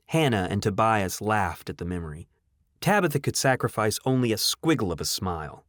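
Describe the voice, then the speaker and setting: A man narrating an audiobook in a dramatic, expressive storytelling manner. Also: fairly low pitch, a little fast, no room sound, studio quality.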